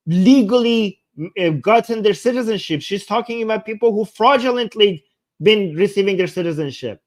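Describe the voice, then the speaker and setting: Sarcastic, incredulous male host in casual reaction commentary, pitched high. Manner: sarcastic, incredulous, repeats himself. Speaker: channel host.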